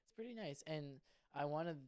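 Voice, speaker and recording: Young male co-host, smooth clear voice, excitable and foul-mouthed. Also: on the high side, a little fast. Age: young adult. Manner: rambling, profane and excitable. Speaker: podcast co-host. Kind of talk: casual chat.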